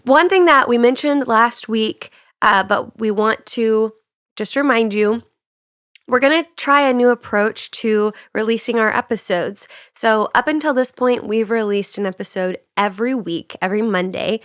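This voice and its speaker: A woman's voice: on the high side, moderate pace, dry recording, clean studio sound. Chatty young woman, slightly sick voice. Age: young adult. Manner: chatty, laughs often, relaxed. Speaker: podcast co-host. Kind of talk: casual chat. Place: on a couch indoors.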